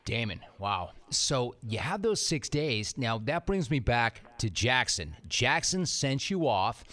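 A man's voice: medium pitch, very animated, slow pace, a bit bright. A man hosting a podcast interview, reacting to his guest and leading into the next question. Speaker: podcast host.

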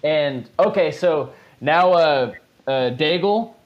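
A man's voice: fairly high pitch, lively intonation, slow, muffled recording. A man narrating as game master of a tabletop role-playing game, in a casual, rambling way with swearing.

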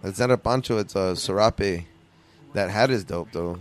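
Deep-voiced young man swearing casually. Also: moderate pace. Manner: profane, laughing, tells stories. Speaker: podcast guest. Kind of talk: casual chat watching a movie.

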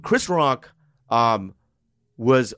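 A man co-hosting a casual comedy podcast, talking in animated, defensive bursts with many restarts and some swearing. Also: mid-range voice, extremely slow, no room sound, studio quality. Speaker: podcast co-host. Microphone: studio mic.

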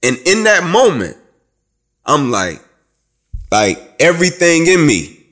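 Fired-up man, raised pitch. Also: wildly swooping pitch, takes it slowly. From Atlanta, USA. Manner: emphatic and preacher-like, builds to loud, rising climaxes. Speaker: guest, former student. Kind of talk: emotional storytelling interview.

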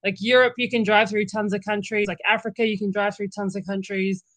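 An Australian woman talks as a guest on a podcast, bubbly and rambling. Her voice sits at a middle pitch and sounds dry and close, with no room around it. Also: little pitch movement, brisk, no room sound. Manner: bubbly, rambling, says "yous". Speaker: podcast guest, birth worker. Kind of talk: casual podcast chat. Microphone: remote call recording.

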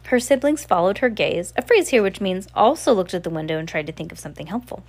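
A woman's voice: mid-range voice, animated, quick pace, a little mellow. Casual amateur woman reader, stumbles and rereads. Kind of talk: casual read-aloud of a novel.

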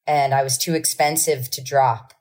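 Low-voiced jersey woman telling wild stories, animated, laughs a lot. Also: normal speed. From New Jersey. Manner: animated, acting out quotes with laughs. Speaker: guest musician. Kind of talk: casual storytelling.

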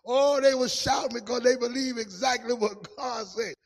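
A man preaching a testimony sermon in a sing-song style, dropping to a hush and rising to shouts. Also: extremely high pitch, steady tone, moderate pace, slightly rough, long reverb tail.

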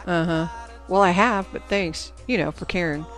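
A woman's voice: fairly low pitch, normal speed, a bit bright, faint music behind, close to an everyday voice. A woman voicing a chatty, teasing teenage girl who gossips with her friend, in a storybook reading.

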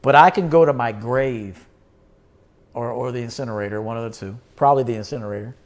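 Speaking a little fast in a mid-range voice, this man runs his own show with a casual livestream monologue. He is blunt and emphatic, swearing and saying things again to drive them home.

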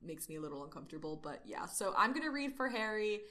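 Young woman, co-host; bright, edgy tone, rambling chatty delivery with lots of fillers. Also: medium pitch, sing-song, fast. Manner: chatty, many fillers, laughs easily. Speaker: podcast co-host. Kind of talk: casual chat and reading aloud.

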